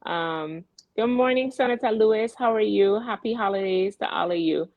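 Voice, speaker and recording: A woman's voice: medium pitch, normal speed, no room sound, phone-quality sound. A middle-aged woman from the Virgin Islands with a Virgin Islands accent, hosting a radio show in casual chat and acting out exasperated reactions as she tells stories.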